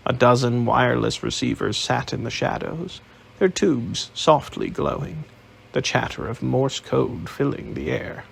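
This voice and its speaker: A man narrating an audiobook in a measured, unedited reading with small slips. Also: mid-range voice, expressive, vocal fry, slight background noise.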